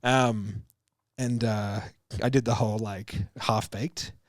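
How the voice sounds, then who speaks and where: Here the thirty-something business coach and podcast guest speaks slowly in a lowish voice with fairly even intonation. He still tells casual, swear-heavy stories, laughing as he goes, acting out quotes and using fillers such as "like" and "bro." There's no echo, just clean studio sound.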